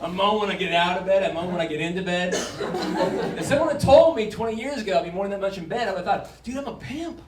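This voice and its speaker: A man in his forties doing a stand-up set, jumping into quick character voices as he talks. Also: sits high. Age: 40s. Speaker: stand-up comedian. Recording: roomy club sound from a distant mic, loud crowd noise.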